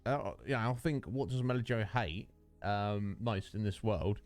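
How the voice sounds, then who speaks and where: This man from the United Kingdom streams a game on Twitch at home, rambling, joking and answering viewers by name. His voice sits on the low side and is unhurried and a little mellow, with soft background music and a studio dynamic microphone.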